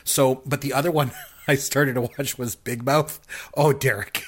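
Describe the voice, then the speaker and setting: A man co-hosting a podcast, chatting casually and telling animated stories while laughing at them. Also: mid-range voice, unhurried, a little hiss or hum. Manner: animated storytelling, laughs at his own stories. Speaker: podcast co-host. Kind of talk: casual chat.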